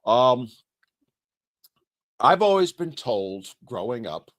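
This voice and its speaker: A man's voice: medium pitch, big pitch swings, slow pace, fairly bright tone. A man in his sixties hosting a casual live-stream Q&A, reading viewer comments and talking freely with lots of fillers. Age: 60s. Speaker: channel host and activist. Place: home studio. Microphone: streaming setup.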